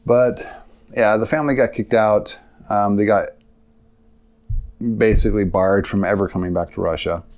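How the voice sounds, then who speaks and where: Young man, low voice, casual rambling storytelling, podcast monologue. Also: steady tone, moderate pace, pauses often, darkish tone. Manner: rambling, casual, lots of filler and asides. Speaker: podcast host.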